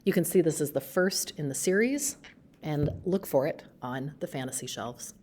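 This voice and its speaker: A woman who works as a school librarian gives a book talk presentation, explaining each book in a friendly way with pauses. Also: low-pitched, lively intonation, darkish tone.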